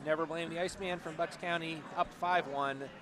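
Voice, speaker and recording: A man's voice: fairly high pitch, fairly even intonation, a little fast, background noise. A man commenting live on a curling match, chatty and explaining tactics. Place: curling rink with players calling out nearby.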